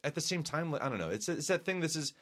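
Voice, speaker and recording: A man's voice: a little high, expressive, fast, a bit bright. A man co-hosting a podcast in casual chat, rambling and thinking aloud with many restarts, in a small room with sound panels. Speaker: podcast co-host.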